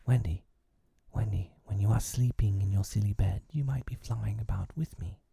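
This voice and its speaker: A man voicing a boastful, cunning boy who never grows up, in a breathy, whispered role-play. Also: lowish voice, moderate pace, dark tone, dry recording, studio quality, full character voice.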